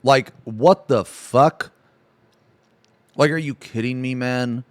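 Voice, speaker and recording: A man's voice: medium pitch, slow, dry recording. A man streaming live, chatting casually and telling stories, swearing constantly and breaking into laughter. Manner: profane, laughing, animated storytelling.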